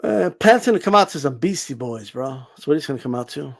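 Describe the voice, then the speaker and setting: A man's voice: mid-range voice, expressive, fairly quick, gravelly. A man hosting a boxing channel, ranting to camera in a sarcastic, profane, mocking way. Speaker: boxing YouTuber. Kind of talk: casual rant to camera.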